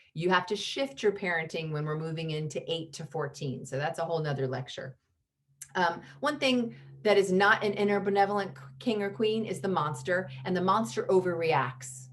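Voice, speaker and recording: Low-voiced woman coaching parents. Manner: expressive teacher acting out parent lines. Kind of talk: online parenting workshop. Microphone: video call.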